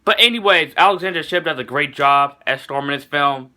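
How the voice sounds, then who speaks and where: A young man talks through a movie review in a casual, excited way, often stopping to correct himself. His voice is bright and forceful and sits somewhat high. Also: a little fast. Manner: enthusiastic, rambling, self-correcting.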